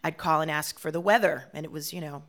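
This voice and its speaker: A woman from Washington, D.C., a performer and playwright, talking animatedly with frequent laughs in an interview. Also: sits low. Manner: animated, laughs often, quick asides. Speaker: guest, solo performer and playwright. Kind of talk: interview conversation.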